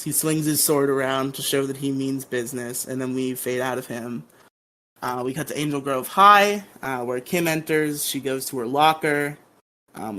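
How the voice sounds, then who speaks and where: A man co-hosting a podcast, animatedly recapping episodes and acting out the characters' lines. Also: medium pitch. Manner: animated, acts out quotes. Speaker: podcast co-host.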